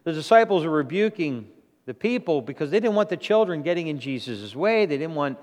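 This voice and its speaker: A male pastor delivers a sermon in a church, his voice sitting slightly high and swinging widely in pitch. He often restarts his phrases as he builds a point. A long reverb trails his words through the sanctuary. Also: normal speed. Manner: animated preaching with repeated restarts.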